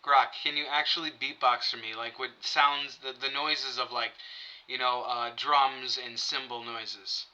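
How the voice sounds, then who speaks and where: A man hosts a casual chat with an AI and keeps coaxing it in a halting, repetitive way. His voice is bright and sits at a middle pitch. The recording sounds dull and lo-fi. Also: level tone. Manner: coaxing, halting, repeats himself. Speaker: podcast host.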